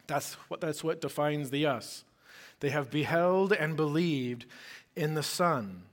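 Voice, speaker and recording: Conversational pastor with a higher male voice. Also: fairly bright tone. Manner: conversational, rhetorical questions, emphatic. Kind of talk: sermon.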